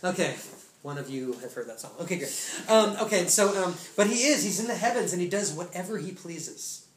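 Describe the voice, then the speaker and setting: A man preaching a testimony sermon to a congregation, telling the story in casual, slangy speech with bursts of excitement. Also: high-pitched, fairly quick. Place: church room. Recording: echoey room, faint noise.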